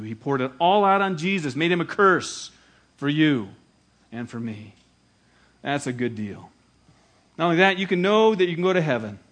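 Earnest pastor preaching with rising fervor. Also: male voice, on the high side. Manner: earnest, rising to emphatic appeals, storytelling asides. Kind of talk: evangelistic sermon.

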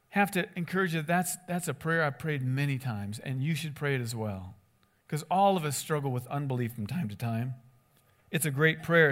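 A man preaching a conversational sermon as a pastor, animated and acting out voices in the stories he tells. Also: on the high side.

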